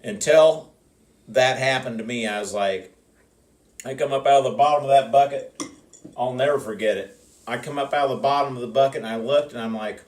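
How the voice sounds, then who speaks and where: A man telling rough work stories in a casual, profane way, acting out shouted arguments. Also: medium pitch, fairly quick. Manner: profane, animated, acts out arguments. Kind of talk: casual storytelling. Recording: roomy sound from a distant mic.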